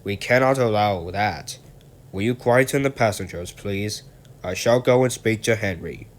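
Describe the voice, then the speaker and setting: A man's voice: on the low side, unhurried, close to an everyday voice. A man voicing a stern, portly male railway boss who speaks in a formal, clipped, commanding way.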